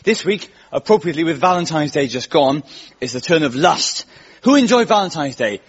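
A man's voice: fairly high pitch, expressive, a little fast, breathy edge. A man hosting a comedy show, rambling and self-deprecating and laughing between his lines in front of a live audience. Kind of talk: stand-up monologue for a live radio audience. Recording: dull radio recording with loud audience.

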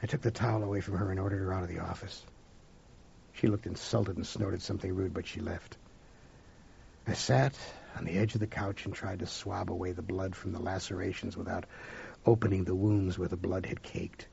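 A man's voice: sits low, steady tone, a little fast, vocal fry, a little mellow, husky, lo-fi sound. A man giving an emotive, dramatic first-person reading of a story. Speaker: audiobook narrator.

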